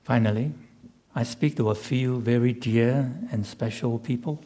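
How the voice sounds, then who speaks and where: Male preacher, sermon delivery; slow and deliberate, slightly husky, emphatic. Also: medium pitch, steady tone, mellow. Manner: measured, emphatic, with rhetorical repetition. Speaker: pastor.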